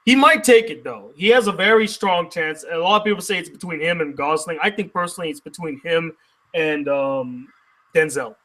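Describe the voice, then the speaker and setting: Male host, casual panel talk, higher voice, joking and steering the discussion. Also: moderate pace, pushed and bright, poor audio.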